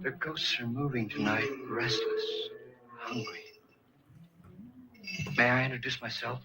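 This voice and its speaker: Man as an ominous old haunted-house owner, hushed 1950s horror delivery, hissy old film soundtrack. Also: medium pitch, steady tone, measured pace, natural voice. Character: eerie older man who owns a haunted house.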